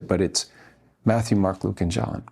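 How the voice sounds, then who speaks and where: A man's voice: lowish voice, fairly even intonation, normal speed, vocal fry, darkish tone, slightly rough. A man being interviewed as a guest actor, telling earnest, rambling stories full of restarts. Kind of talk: anecdotal interview storytelling.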